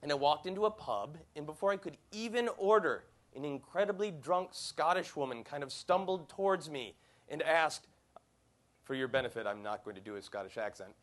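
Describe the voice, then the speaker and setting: High-voiced joking man hosting a podcast. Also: lively intonation, moderate pace. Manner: joking, teasing interviewer. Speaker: podcast host. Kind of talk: comedic podcast banter.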